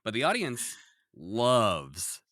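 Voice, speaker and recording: Lively, bright-voiced man recapping. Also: on the low side, very slow, no echo, clean studio sound. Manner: animated recapping, acts out quoted lines. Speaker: podcast co-host. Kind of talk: casual podcast chat.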